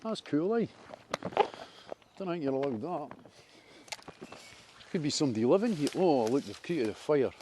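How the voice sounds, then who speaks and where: A man's voice: fairly high pitch, animated, normal speed, pauses often, background noise. Rambling Scottish man walking outdoors. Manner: chatty, rambling, enthusiastic about nature. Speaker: vlogger. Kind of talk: casual walking commentary. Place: outdoors in a wooded park.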